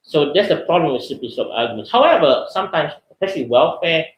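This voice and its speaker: A man with a Malaysian English accent teaches an online seminar, his voice sitting a little high. He talks in a lively way and jumps into exaggerated voices when he quotes others. The sound carries the echo of a bare room. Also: fast, slight background noise. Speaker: seminar speaker. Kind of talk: webinar lecture. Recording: echoey room.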